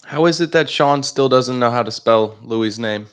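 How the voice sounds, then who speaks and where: A man's voice: medium pitch, moderate pace, smooth. A man chiming in from off to the side with dry, joking remarks in a casual chat.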